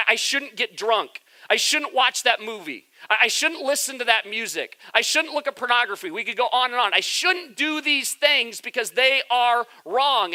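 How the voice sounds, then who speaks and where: Bright-voiced candid pastor preaching. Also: mid-range voice. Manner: candid, confessional, talks straight to the congregation. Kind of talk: sermon.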